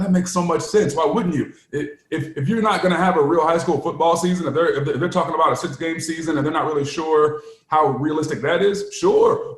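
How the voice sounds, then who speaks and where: A man tells stories on a casual sports podcast, his voice sitting a bit high. He laughs easily and keeps things animated. The room adds a noticeable echo around him. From United States. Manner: animated storyteller, laughs often. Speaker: podcast co-host, former player. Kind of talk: casual chat.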